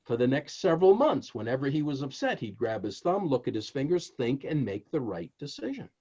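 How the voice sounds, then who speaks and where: Animated male storyteller, muffled audio. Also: medium pitch, a little fast, breathy edge. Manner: animated, emphatic storyteller who addresses the host directly. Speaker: author guest. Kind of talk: interview storytelling.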